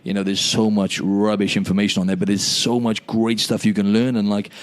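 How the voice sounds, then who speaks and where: A young man from the United Kingdom hosting a casual podcast chat over a video call, an animated storyteller who keeps saying "mate" and "you know what I mean". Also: fairly low pitch, a little fast. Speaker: podcast host.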